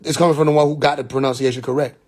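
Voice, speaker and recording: A man's voice: mid-range voice, fairly even intonation, racing. A young man from Atlanta with a Southern accent, hosting a phone live stream and lecturing in a mocking, preachy way, firing rhetorical questions with profane slang. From Atlanta, USA. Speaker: livestream host. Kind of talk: rambling live-stream monologue.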